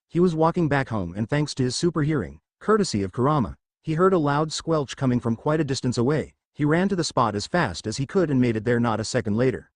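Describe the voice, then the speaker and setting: A man reading out a fan-fiction story as scripted narration, with a lively, animated delivery. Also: mid-range voice, no room sound, studio quality.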